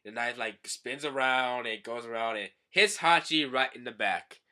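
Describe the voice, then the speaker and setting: Male manga recapper, sarcastic and rambling, very bright voice. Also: medium pitch, moderate pace. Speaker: manga reader and commentator. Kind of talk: casual comedic recap.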